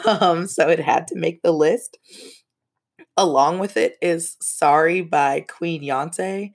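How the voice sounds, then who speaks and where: A woman's voice: deep voice, slow pace. A young woman hosting a casual podcast, telling a story with frank, profane asides and laughs.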